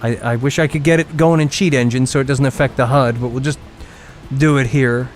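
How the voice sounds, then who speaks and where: A young man streaming a game, chatting excitedly, laughing often and reading viewer comments aloud. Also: medium pitch, brisk, faint music behind. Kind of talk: casual live gameplay commentary.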